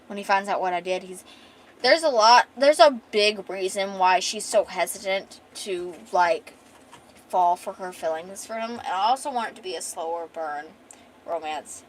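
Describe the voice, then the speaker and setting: A young woman who is a comic artist and streamer chats casually, rambling along with lots of ums and restarts. Her voice is mid-range and moderately paced, and the audio quality is poor.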